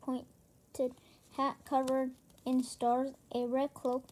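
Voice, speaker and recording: A woman reading a children's chapter book aloud, halting, with frequent slips and restarts. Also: high voice, monotone, darkish tone, a little hiss or hum. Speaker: reader.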